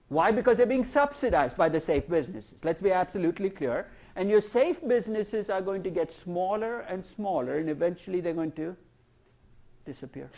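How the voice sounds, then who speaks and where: A man lecturing a university class, lively and putting questions to the students. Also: high voice. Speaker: professor.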